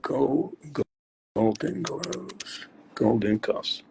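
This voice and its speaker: An older man, a guest poet, chatting casually about poetry in a rambling, halting way as he searches aloud. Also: mid-range voice, animated, creaky, darkish tone, a little hiss or hum. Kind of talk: casual chat explaining poetry.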